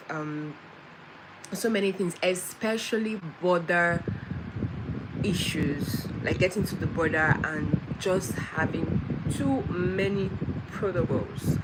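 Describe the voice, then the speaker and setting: Chatty woman vlogger on a live stream, unhurried, keeps saying hi to viewers. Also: lowish voice. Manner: chatty, greets viewers repeatedly. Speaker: travel vlogger hosting a livestream. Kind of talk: casual livestream chat. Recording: loud vehicle noise behind.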